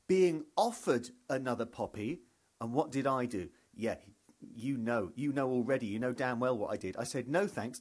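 Lively self-mocking man telling a story. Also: on the high side. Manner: self-mocking, rambling, acts out little scenes. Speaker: comedian podcaster. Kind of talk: comic storytelling monologue.

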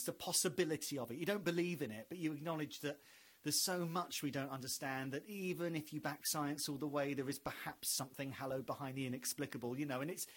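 A man from England hosting a podcast, delivering a rambling, wry comic monologue that builds to shouted bits. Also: on the high side, husky. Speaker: podcast host.

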